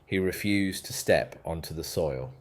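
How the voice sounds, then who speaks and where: A man narrating a storybook in an even, steady way. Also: sits low, measured pace.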